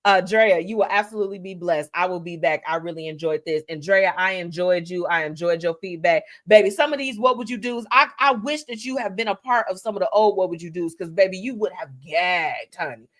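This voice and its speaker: In a brisk, somewhat bright voice pitched fairly low, a woman signs off her weekly live talk show with few pauses. She's chatty and effusive, warmly thanking her guests and viewers in this casual livestream farewell.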